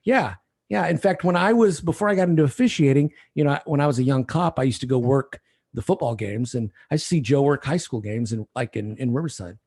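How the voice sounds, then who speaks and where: A man's voice: medium pitch, a little fast. A middle-aged man telling a rambling story over drinks, acting out the other people in it. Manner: rambling, animated retelling with voiced quotes. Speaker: podcast guest.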